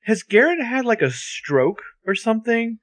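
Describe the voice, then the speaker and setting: A man's voice: sits high, big pitch swings, normal speed, fairly bright tone, no echo. A man co-hosting a casual podcast, narrating a TV episode with wry, exasperated jokes. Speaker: podcast co-host. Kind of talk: casual recap chat.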